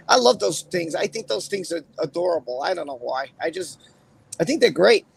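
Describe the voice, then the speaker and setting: A man hosting a casual livestream with a raspy voice, chatting and then reading a court opinion aloud in a rambling way. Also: sits high, lively intonation, normal speed. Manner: rambling, chatty, with fillers and repeated phrases. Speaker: livestream host.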